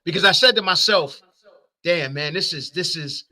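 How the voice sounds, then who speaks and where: Male co-host, very bright tone, slightly high, excitable barbershop-talk delivery. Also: normal speed. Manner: animated, repeats words, food comparisons. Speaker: wrestling podcast co-host. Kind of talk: casual barbershop-style chat.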